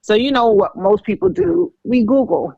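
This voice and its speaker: A woman's voice: on the high side, very animated, normal speed, vocal fry, slightly rough, no echo. Frank woman podcast co-host, dry dull sound. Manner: candid, frank, chatty. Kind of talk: casual podcast storytelling.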